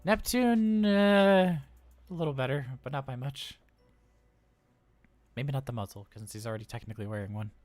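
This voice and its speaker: A man lightly acts an anxious yet cheerful male robot daycare attendant on a live role-play stream, chatty and flustered and rambling with stammers. His medium-pitched voice has a darkish tone and a moderate pace with long pauses, in a dry recording with faint music behind.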